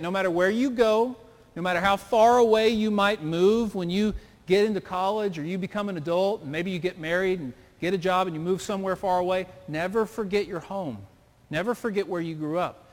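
High-voiced preacher in a reverberant hall. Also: male voice. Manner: earnest, questioning, preacherly cadence. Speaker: pastor. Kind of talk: sermon. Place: church sanctuary.

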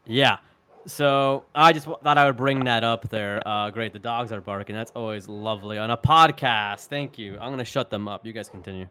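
A man's voice: lowish voice, steady tone, normal speed, sharp tone, clean tone, no echo. A man co-hosting a podcast in casual chat, profane and mocking, laughing often. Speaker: podcast co-host.

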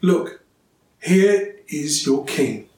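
Guy reading as a stern roman governor, pushy questions, pitch jumping up, echoey far-off room. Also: expressive, very slow, darkish tone. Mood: insistent. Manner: raised, emphatic questioning reads. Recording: roomy, distant, faint ambience.

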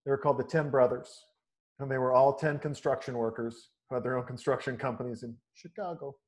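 A man's voice: medium pitch, steady tone, a little fast, a little mellow. Easygoing man telling a story. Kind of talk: casual storytelling chat.

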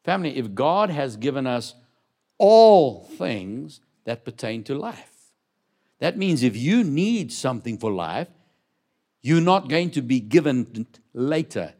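A man preaching a sermon as pastor, building loud emphatic declarations and dropping low to read scripture and question the congregation.

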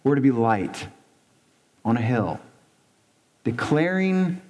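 A man's voice: mid-range voice, sing-song, slow pace, long pauses, a little mellow. A man preaching an emphatic sermon as a pastor in a church, stressing points by repeating them and asking rhetorical questions. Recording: long reverb in a church hall.

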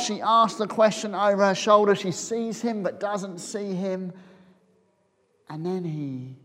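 A man preaching a sermon, retelling a story as if picturing it, dropping to a hush and then rising again. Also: high voice, in a large hall. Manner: storytelling, imagining scenes aloud, swinging from loud to hushed.

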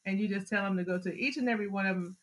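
A middle-aged woman, a mother sharing parenting advice in a casual chat, telling family stories with lively acted-out moments. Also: mid-range voice, very fast, low-quality recording. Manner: animated storyteller, acts out family scenes with laughter. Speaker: podcast guest, mother of the host.

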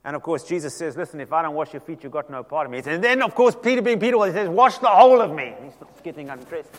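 A male pastor preaching a sermon, telling the story with lively acted-out dialogue. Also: on the high side, fast, in a large hall. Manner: animated storytelling, acting out quoted voices.

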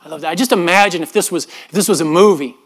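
A middle-aged man, a pastor, preaching a sermon in an earnest manner, often dropping his voice softly and repeating words as he goes. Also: sits high, quick pace, slightly rough. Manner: earnest, with frequent soft drops and repeated words.

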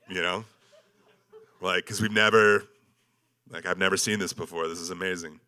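A man's voice: sits low, steady tone, moderate pace, long pauses, bright, forceful tone. A man giving a casual, joking slideshow talk about an expedition, self-deprecating and full of ums and likes. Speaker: speaker presenting an expedition slideshow.

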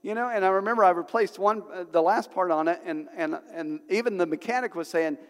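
A man's voice: high-pitched, brisk, few pauses. A middle-aged man preaching a sermon as pastor, telling stories conversationally and building to emphatic bursts. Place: church sanctuary. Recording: long church hall reverb.

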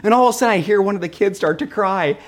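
A middle-aged male pastor giving a livestreamed sermon as an animated, joking storyteller. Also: sits high, racing, a little hiss or hum.

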